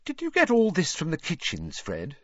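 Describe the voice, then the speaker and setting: A clever, earnest schoolgirl in an audiobook, guarded tone, lifted pitch, slightly muffled. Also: wildly swooping pitch, normal speed, a bit bright, no echo, full character voice. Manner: guarded, innocently casual. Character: bookish earnest teenage schoolgirl. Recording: dry, slightly dull studio recording.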